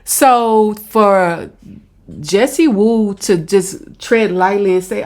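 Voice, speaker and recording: Slow, gravelly woman commentator. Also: mid-range voice, very animated. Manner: blunt, repeats herself, talks back to the clip. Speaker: commentator reacting to a video. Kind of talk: casual reaction commentary.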